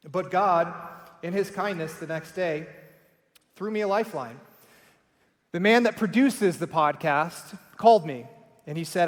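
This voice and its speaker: Lively man telling stories on stage. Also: high-pitched. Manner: animated storyteller, acts out quoted voices. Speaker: conference speaker, company co-founder. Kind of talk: storytelling keynote talk. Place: large conference hall. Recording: echoey hall, voice heard from a distance.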